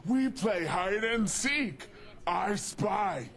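A man's voice: high-pitched, animated, drawn-out words, vocal fry, exaggerated voice. An actor playing a huge, angry male super mutant who speaks in broken sentences and refers to himself in the third person. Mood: pleading, worried. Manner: broken speech, referring to self in third person, shouting bursts. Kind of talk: video game dialogue.

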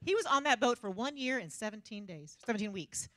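A woman's voice: fairly high pitch, fairly quick, no room sound, clean studio sound. A woman preaching a humorous sermon, telling stories animatedly and laughing often. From Texas. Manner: animated, self-mocking storytelling with frequent laughter.

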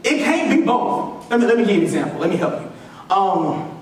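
High-voiced pastor preaching in an echoey hall. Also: male voice, big pitch swings, a little fast, far from the mic, background noise. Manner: call-and-response preaching, repeats lines for emphasis. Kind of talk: sermon. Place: church sanctuary.

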